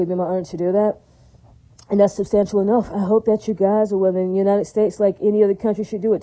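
Woman rambling fast, preachy, keeps asking does that make sense, really dark voice. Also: medium pitch, low-quality recording. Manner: preachy, religious phrases. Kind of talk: casual monologue.

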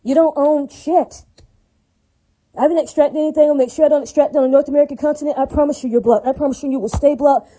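Fast-talking woman in a profane monologue rant. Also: high-pitched, steady tone, warm tone, poor audio. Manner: profane, repetitive, keeps asking "right?" and "does that make sense?".

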